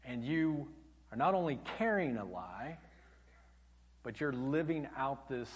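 A male pastor preaching a sermon, telling stories animatedly and dropping to a hush for emphasis, in a church auditorium. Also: mid-range voice, expressive, unhurried, long pauses. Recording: long church hall reverb.

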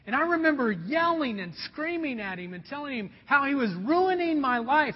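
This is a male pastor from Indiana giving a sermon, earnestly recounting something personal and calling listeners folks. His very high voice makes big pitch swings at a normal speed, with hardly any pauses. Long hall reverb colors the dull-sounding audio.

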